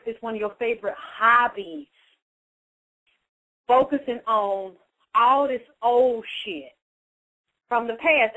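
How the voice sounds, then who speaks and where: A woman's voice: a little high, a bit bright, no room sound, rough recording. A woman speaking in a casual monologue, blunt and profane, repeating points for emphasis. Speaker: vlogger giving life advice.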